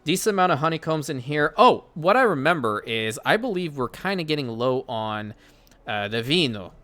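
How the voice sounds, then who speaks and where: Guy with a bright, sharp voice chatting through a city builder, thinks out loud, corrects himself a lot. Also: on the high side, very animated, normal speed. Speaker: gaming channel host. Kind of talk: casual gameplay commentary.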